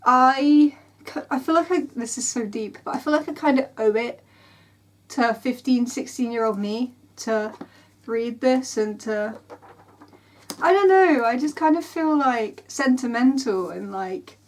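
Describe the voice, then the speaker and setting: A woman's voice: fairly high pitch, animated, a little slow. A woman in her twenties, rambling and emotional in a casual vlog, tired and sore. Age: 20s. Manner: rambling, emotional, full of "like"s and restarts. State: tired and in pain. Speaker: book vlogger.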